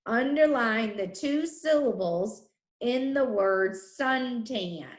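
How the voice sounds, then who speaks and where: A woman teacher leading a children's phonics lesson, sounding out letters and syllables slowly and clearly. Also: on the high side, animated. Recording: echoey room.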